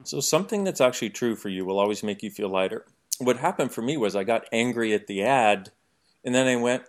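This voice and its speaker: A man talking as an interview guest, animated and jokey, explaining his ideas through everyday examples. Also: medium pitch. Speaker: podcast guest. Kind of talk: conversational interview.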